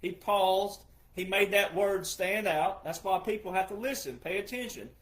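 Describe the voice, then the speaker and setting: A man's voice: sits high, normal speed, fairly bright tone. A man who is a retired veteran, giving an emphatic monologue full of repetition and rhetorical questions. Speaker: retired military veteran commentator.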